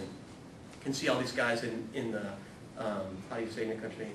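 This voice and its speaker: Man, animated self-deprecating storyteller, spiritual talk, echoey room, distant mic, rumbling noise. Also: moderate pace. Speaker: speaker at a ministry talk series. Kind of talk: humorous spiritual talk with read-aloud passages.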